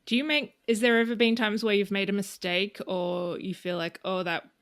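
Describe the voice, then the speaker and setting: A woman's voice: mid-range voice, steady tone, moderate pace. A woman hosting an interview, asking questions in a casual conversational way. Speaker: podcast host.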